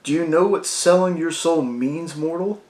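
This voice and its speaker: A man reading out the lines of a bureaucratic male demon in an offhand, quieter way. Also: on the high side, moderate pace, voice pushed up, natural voice. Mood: wry. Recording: roomy echo.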